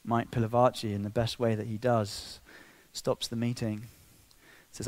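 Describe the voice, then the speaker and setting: A man preaching a sermon, building to emotional peaks then dropping to a hush. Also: medium pitch, little pitch movement, slow, no room sound. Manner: impassioned, swinging between soft and loud.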